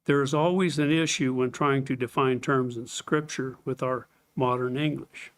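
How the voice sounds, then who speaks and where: With a medium-pitched voice and a steady tone at normal speed, a man teaches a scripted Bible study. He walks through the material step by step, reading passages of scripture aloud and occasionally clearing his throat.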